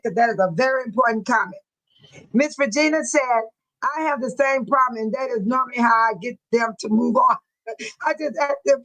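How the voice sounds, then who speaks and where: A woman's voice: fairly high pitch, fairly quick, fairly bright tone, low-quality recording. An older woman hosting a casual livestream, chatting animatedly and laughing often as she reads out viewer comments. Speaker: livestream host.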